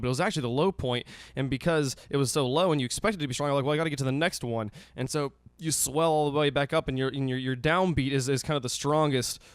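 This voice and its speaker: A man's voice: medium pitch, dry recording. A young man casually explaining music theory with enthusiasm, full of restarts, counting beats aloud. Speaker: music vlogger.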